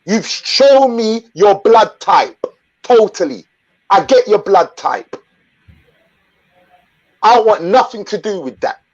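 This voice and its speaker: A man's voice: sits high, animated, takes it slowly, long pauses, dull audio. Fired-up, profane man ranting to camera. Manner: blunt and profane, repeating himself. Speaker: channel host. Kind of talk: angry vlog rant.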